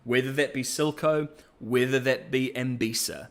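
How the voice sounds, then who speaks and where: A man's voice: medium pitch, steady tone, moderate pace, fairly bright tone. A man hosting a podcast and reviewing characters in a chatty, jokey way. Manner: chatty and jokey, with playful asides. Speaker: podcast host. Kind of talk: casual podcast-style review.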